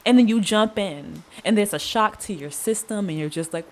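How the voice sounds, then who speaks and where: A woman hosting a solo podcast, talking in an earnest, conversational way with long pauses and casual slang. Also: mid-range voice. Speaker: podcast host. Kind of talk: reflective solo podcast monologue.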